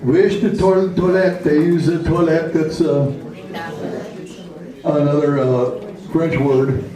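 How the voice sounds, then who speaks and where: A man teaching vocabulary to a class, slowly repeating each word and phrase, recorded from a far camera in a community room. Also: a little high, fairly even intonation, crowd noise. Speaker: language teacher. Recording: echoey room from far off with people around.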